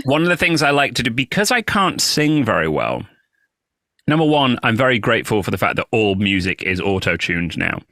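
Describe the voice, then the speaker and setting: A man's voice: fairly low pitch, bright, forceful tone, no room sound, studio quality. A British man, a comedian guest, telling anecdotes in a chatty podcast conversation. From United Kingdom. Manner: chatty anecdotal storyteller, slips into voices. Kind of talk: casual podcast chat.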